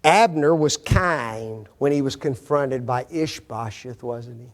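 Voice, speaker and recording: A man's voice: mid-range voice, takes it slowly. A man teaching a Bible class lesson, quizzing his audience with fill-in-the-blank questions and folksy, joking asides.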